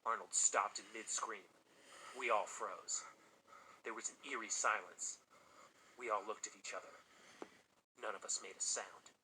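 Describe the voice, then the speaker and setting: A man narrating a first-person scary story in a dramatic, expressive reading. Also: on the low side, measured pace, pauses often, a little hiss or hum, rough recording.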